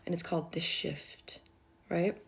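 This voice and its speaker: Woman, lower voice, casual tarot reader, rambling and chatty with mumbled asides. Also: fairly even intonation, unhurried, creaky, husky. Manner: chatty, rambling, with offhand asides and soft muttering. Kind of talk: casual live tarot reading.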